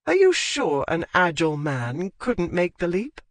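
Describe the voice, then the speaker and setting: An audiobook narrator voicing a bold young noblewoman who talks briskly and sounds bored. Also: mid-range voice, big pitch swings, no echo.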